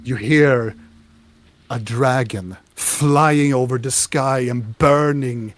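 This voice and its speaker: Slow-talking male game master. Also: medium pitch, soft background music. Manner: descriptive, with restarts. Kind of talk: narrating a tabletop game.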